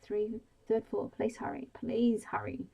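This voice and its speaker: A woman in a whispered role-play, voicing a panicking young mother desperate to save her trapped child, in a soft breathy voice. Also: a little high, little pitch movement, measured pace, lo-fi sound, pitched above the performer's own voice, exaggerated voice. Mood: frantic.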